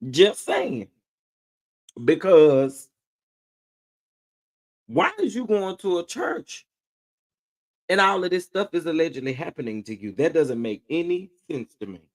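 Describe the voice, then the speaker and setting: Male commentary host, lively swinging pitch, incredulous and amused. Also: measured pace, long pauses. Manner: incredulous and amused, laughing often. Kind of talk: reaction commentary.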